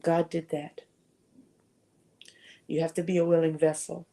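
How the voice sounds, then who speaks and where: A woman's voice: low voice, completely flat delivery, a little slow, dark tone. A woman giving a conversational faith talk at a retreat, sharing earnest personal testimony. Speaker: retreat speaker.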